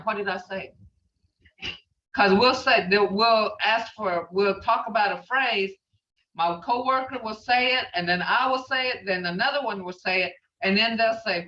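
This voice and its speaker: A woman's voice: mid-range voice, pushed and bright, recorded from a distance. A woman teaching a language class, patiently repeating phrases as she explains them. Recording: muffled, roomy, from off mic.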